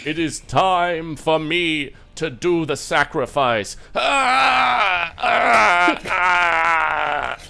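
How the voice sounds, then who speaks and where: A man's voice: a little high, expressive, drawn-out words, vocal fry, hardly any pauses, bright, forceful tone, pitched above the performer's own voice, heavily acted. A man voicing a hammy male puppet warrior in a puppet show, wailing in an overacted way.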